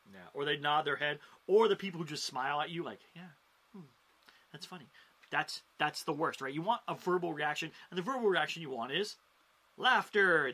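A man hosting a show on stand-up comedy, talking casually to camera, animated, with sudden jumps in pitch and loudness for emphasis.

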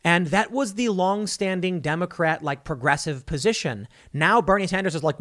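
A man's voice: high-pitched, animated, moderate pace, few pauses, fairly bright tone. A man delivering an online political commentary monologue in a blunt, sarcastic, scornful way.

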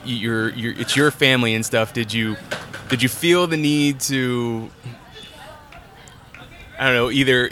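A man hosting an interview, asking questions in a halting way with many restarts. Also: mid-range voice, bright, forceful tone, slight background noise. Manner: halting questions, frequent laughs and backchannels. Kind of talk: casual interview chat.

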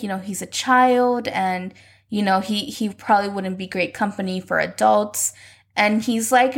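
A woman casually recapping a soap opera, animatedly acting out the characters' lines in quick voices. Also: medium pitch, animated. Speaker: recap commentator.

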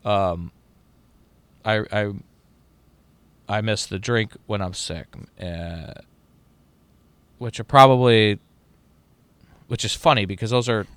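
A man's voice: lowish voice, takes it slowly, pauses often, smooth. A middle-aged man in casual chat as a podcast host, rambling and profane with lots of restarts.

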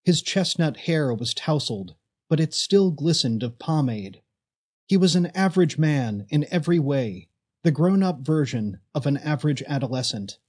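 A man narrating a story in a measured, expressive way. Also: fairly high pitch, slightly rough. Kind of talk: audiobook narration.

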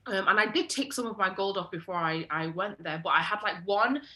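A young woman, co-hosting a podcast and telling travel stories in a lively, casual way, full of "like" fillers. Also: medium pitch, brisk. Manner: animated, lots of "like" fillers, jumps into quoted voices. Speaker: podcast co-host. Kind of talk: casual storytelling chat.

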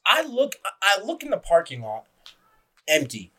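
A man's voice: high voice, huge pitch swings, measured pace, a bit bright, poor audio. A young man hosting a podcast, telling a rambling story to friends with profane asides and laughter. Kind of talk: casual storytelling among friends.

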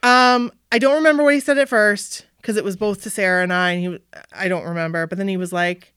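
A woman from Maine, USA, tells a story in casual conversation, talking fast in a mid-range voice. She's animated, acts out the voices of people she quotes, and uses "like" constantly. The tone is clean, with no echo and studio-quality sound.

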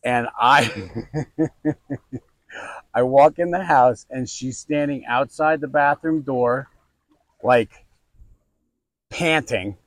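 A young man telling a story in casual chat while fishing outdoors, animated and swearing freely. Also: medium pitch, takes it slowly, pauses often, dry recording, low-quality recording. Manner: animated, swearing, mimics others in quotes. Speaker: podcast co-host.

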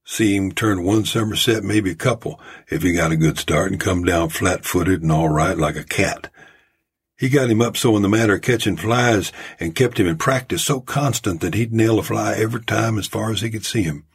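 A man's voice: lowish voice, normal speed, husky. A man voicing a rambling old storyteller from a mining camp, with a folksy, drawling manner. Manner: folksy drawling tall-tale telling.

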